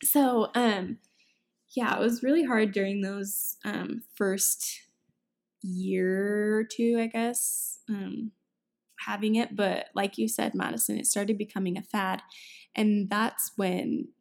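A woman's voice: mid-range voice, fairly even intonation, slow pace, gravelly, darkish tone. A young adult woman co-hosting a casual podcast, telling a candid personal story. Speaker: podcast co-host.

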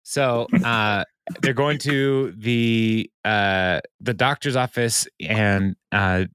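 A man's voice: fairly low pitch, steady tone, extremely slow, a bit bright, smooth, no room sound, clean studio sound. A man co-hosting a podcast, casually recapping an episode, laughing often and briefly mimicking the characters. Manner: retells scenes, briefly mimicking the characters' lines; laughs often while talking. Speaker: podcast co-host.

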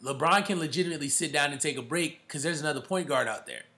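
Male host, slightly high bright voice, slangy emphatic sports chatter. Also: expressive, fast talker. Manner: emphatic, slangy, calls listeners bro. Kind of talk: casual sports talk.

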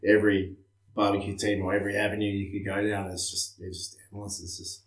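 A man chats loosely on a podcast, laughing often and letting his sentences fade away. His voice is fairly low, and the room echoes around him. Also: little pitch movement, fast talker. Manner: laughs a lot, trails off quietly. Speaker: barbecue competitor, guest. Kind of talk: casual podcast chat.

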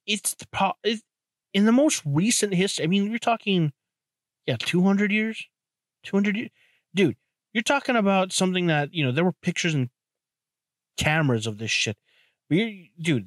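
A young man with a slightly high voice holds forth on his podcast in a loose, profane ramble. He keeps circling back with restarts and asides. The sound is dry and close, with no room around it. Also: big pitch swings, normal speed, no echo. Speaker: podcast host. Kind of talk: casual solo podcast monologue.

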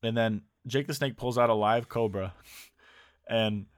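A young man chatting casually and jokingly on a podcast, sometimes breaking into loud impressions. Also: fairly low pitch, a little slow, no room sound, clean studio sound. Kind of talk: casual chat.

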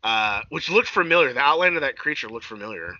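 A man's voice: medium pitch, lively intonation, fast, bright, forceful tone, no echo. A man in casual podcast chat, recapping a cartoon episode in a profane, rambling way full of filler sounds. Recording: dull lo-fi recording.

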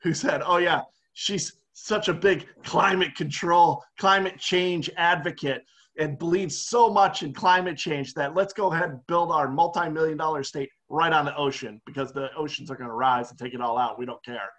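Man, podcast co-host, heated rant, sarcastic, slightly high pitch. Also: steady tone, normal speed, fairly bright tone. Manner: fired-up, ranting, sarcastic. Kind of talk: heated casual political chat.

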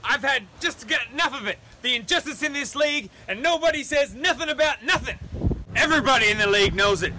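A man's voice: very high-pitched, animated, fast, background noise. A man playing a ranting, boastful wrestler. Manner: blustering, aggrieved trash talk with a wavering put-on accent. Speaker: league member in a video submission. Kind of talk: mock wrestling promo.

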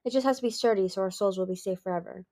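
A huge ancient male dragon, read by a woman, smooth, sure of himself and quick to persuade. He talks breezily, with a slightly raised pitch and a cross edge. This is storybook dragon talk. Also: warm tone, no echo, clean studio sound, natural voice. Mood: persuasive.

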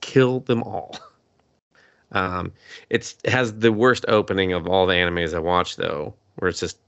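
A man co-hosting an anime podcast in loose, profane chat, slipping into quoted character voices as he recaps. His voice sits low with a gravelly fry. The tone is bright and forward. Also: fairly even intonation, normal speed, no echo. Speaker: podcast host. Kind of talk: casual anime review chat.

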